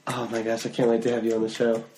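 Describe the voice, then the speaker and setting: A man's voice: mid-range voice, monotone, very fast, warm tone, a little hiss or hum. Easygoing man in an echoey room. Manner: easygoing, brief remarks. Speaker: podcast host. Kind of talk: casual chat.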